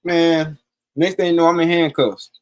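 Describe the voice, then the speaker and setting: A man with a voice on the high side, at normal speed, tells a personal story on a live stream in casual, profane talk. Animated, he acts out the lines of the people involved.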